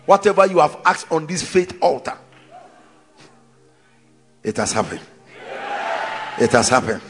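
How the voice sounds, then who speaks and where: Fervent high-voiced male pastor shouting prayers. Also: sing-song, measured pace, over music. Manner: repetitive chanting, rising into shouts. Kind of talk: fervent prayer and exhortation to a congregation. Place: church service.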